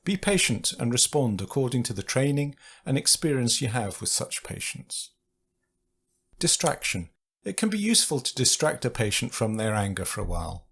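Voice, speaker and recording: A man giving calm, measured instructional voice-over for a staff training video. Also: mid-range voice, gravelly, husky. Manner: calm, measured, reads out example phrases. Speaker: training narrator.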